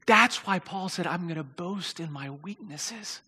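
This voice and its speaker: A high-voiced man preaches in a large, reverberant hall. He tells his story in an animated way, often stumbling over and repeating his words. At the big moments his voice climbs to near shouting. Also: a little slow, breathy edge. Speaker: pastor. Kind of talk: sermon with storytelling.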